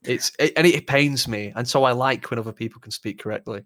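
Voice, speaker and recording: A young man with a rough Lancashire accent, chatting casually as a podcast co-host, sweary and self-deprecating. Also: mid-range voice, brisk, a bit bright, no echo, studio quality. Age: young adult. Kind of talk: casual chat.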